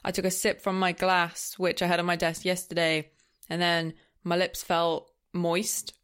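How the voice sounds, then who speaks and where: A woman's voice: lowish voice, monotone, a little slow, a bit bright, clean tone. A woman co-hosting a podcast, playful and giggly in casual chat. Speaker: podcast co-host.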